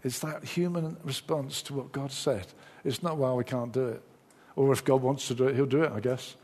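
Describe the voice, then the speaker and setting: A middle-aged man preaches with a slightly husky voice. He delivers a lively sermon and slips into quick imitations of doubting inner voices. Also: medium pitch.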